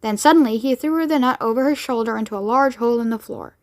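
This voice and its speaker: A woman narrating a children's novel aloud in a lively, expressive read-along voice. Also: on the high side, fast. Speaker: storybook reader.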